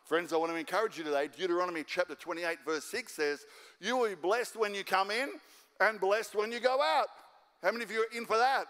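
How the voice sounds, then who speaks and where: A long reverb tail follows the slightly bright, high-sitting voice of an Australian guest pastor speaking a little fast in a church auditorium. Fired up, he keeps repeating his points to drive them home.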